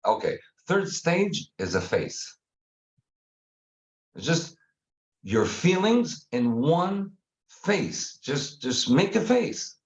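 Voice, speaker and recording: A man guest explaining a communication method in casual conversation, animated and acting out examples. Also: fairly high pitch, drawn-out words, pauses often, muffled recording. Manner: animated, acts out examples with faces and sounds.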